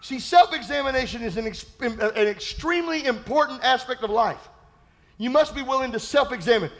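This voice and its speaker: High-voiced preaching pastor, emphatic. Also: male voice, expressive, moderate pace. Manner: emphatic preaching with repetition and sudden high shouted peaks. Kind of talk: sermon.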